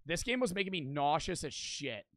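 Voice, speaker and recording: A man's voice: a little high, very animated, moderate pace, a bit bright, no echo. A young man in his twenties streaming, chatting casually and rambling, swearing often and filling his talk with "like". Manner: rambling, swears a lot, fills with "like".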